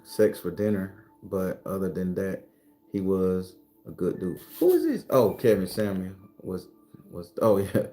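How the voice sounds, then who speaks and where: A man hosting a casual livestream, talking loosely, cursing freely and answering viewer comments, sometimes breaking into loud, high ranting. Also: flat delivery, measured pace, soft background music. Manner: swings into loud, high-pitched ranting at times. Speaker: livestream host.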